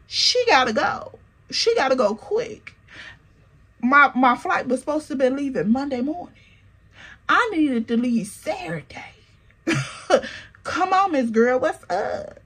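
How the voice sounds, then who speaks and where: A woman telling a casual storytime, animated and slangy, talking straight to the viewer. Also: high-pitched. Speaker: storytime vlogger.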